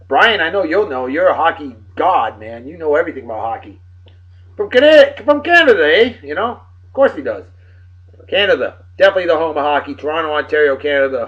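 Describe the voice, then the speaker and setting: Lively, boisterous man. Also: on the high side. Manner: boisterous, swearing banter. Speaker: vlog host. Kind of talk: casual shout-outs to friends. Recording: dull lo-fi recording.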